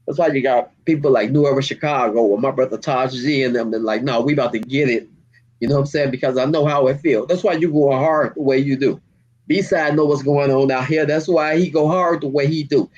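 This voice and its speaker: A man, a community activist, speaking with deep emotion and street slang in an interview, near tears. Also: fairly even intonation, brisk, darkish tone, lo-fi sound. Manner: heartfelt, storytelling, street slang. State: holding back tears.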